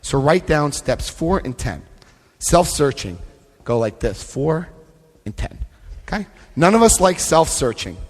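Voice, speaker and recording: A man giving a lively, joking talk to an AA convention crowd, often acting out other people's voices. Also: a little high. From United States. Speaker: AA convention speaker. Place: large convention hall. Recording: live hall recording with long reverb.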